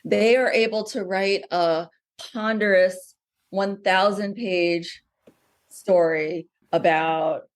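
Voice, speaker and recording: A novelist in middle age is interviewed conversationally, speaking with animation and frequent fillers and restarts. Her mid-range voice moves slowly, and her intonation stays fairly even.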